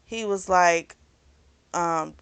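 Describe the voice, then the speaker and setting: A woman's voice: lowish voice, extremely slow, fairly bright tone, clean tone, no echo. A woman reviewing a book in a casual recap, rambling with plenty of fillers and blunt swearing. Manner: rambling, frank, swears freely, lots of fillers.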